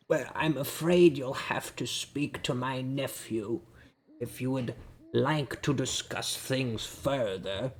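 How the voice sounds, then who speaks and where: A grumpy, weary uncle in a tabletop game, as a man puts him on. He sighs, sounds irritated, and talks slowly with a tired drag. His pitch sits at an ordinary level. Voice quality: irritated, sighing.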